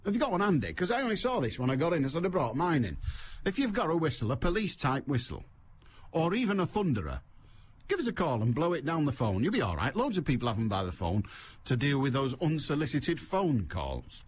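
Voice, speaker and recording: A middle-aged male radio host talks in a wry, teasing way, laughing at his own jokes. His pitch swoops up and down, and a faint hum sits under the studio sound. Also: huge pitch swings, fairly quick. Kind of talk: chatty radio monologue.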